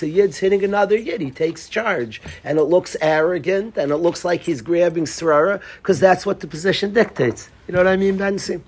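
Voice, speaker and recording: A man giving a casual Torah class, animated and acting out the lines he quotes. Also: high-pitched, husky. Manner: animated, acts out quoted lines, restarts often. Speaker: Torah teacher.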